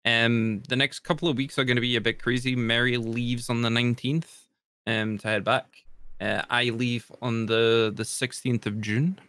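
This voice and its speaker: A man who streams, chatting casually on a podcast in a relaxed way, swearing offhandedly. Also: medium pitch, moderate pace, smooth, dry recording. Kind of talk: casual chat.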